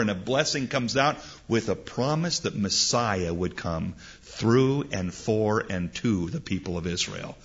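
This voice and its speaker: A man preaching with an animated, storytelling delivery, his pitch rising and falling widely. He often stumbles over repeated words as he restarts. The recording is dull and lo-fi.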